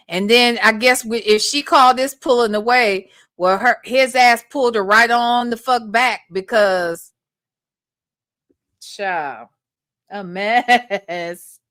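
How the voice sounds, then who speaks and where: In a slow, slightly high and fairly bright voice, a livestream host casually comments on recordings she plays, bluntly and with profanity, and answers back to them. The studio sound is clean, without echo.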